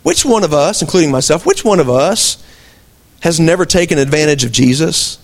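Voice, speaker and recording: A man's voice: on the high side, very animated, normal speed. A man preaching a sermon as pastor of his church, folksy asides and rhetorical questions to the congregation. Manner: conversational preaching, rhetorical questions, emphatic swings.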